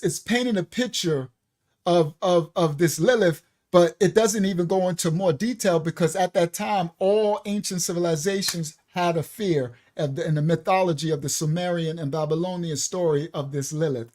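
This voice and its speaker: A man with a New York accent teaching a live-streamed bible study. He pauses and restarts often, spells words out letter by letter, and turns aside to talk to his viewers. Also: on the high side, darkish tone. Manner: talks things through, spells words out letter by letter.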